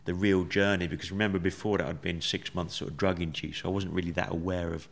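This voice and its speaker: Low-voiced man telling his story. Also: little pitch movement. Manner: measured, reflective, with many fillers. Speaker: podcast guest. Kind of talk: conversational storytelling.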